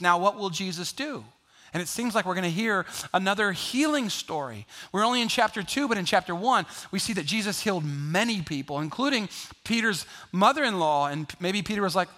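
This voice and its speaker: A man preaching a sermon in a lively, conversational way, joking and acting out the people in the story. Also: sits high. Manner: lively, conversational preaching with jokes and acted-out voices. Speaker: pastor.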